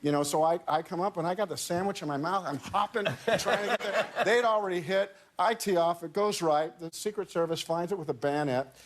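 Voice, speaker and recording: Slightly high-voiced man, halting storyteller. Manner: halting, restarts and repeats words. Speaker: talk show guest. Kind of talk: telling an anecdote in casual chat.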